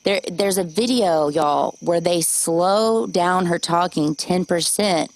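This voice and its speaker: Woman, lowish voice, podcast host, casual chat, animated, swears. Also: slow pace, low-quality recording. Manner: chatty, swearing, animated storytelling.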